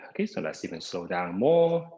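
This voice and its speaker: Teaching a live exercise class by video call from his home, a man sounds a bit winded as he opens almost each cue with "okay" and counts down seconds. He has a deep, warm, sing-song voice at a normal speed, though the call microphone makes the audio dull.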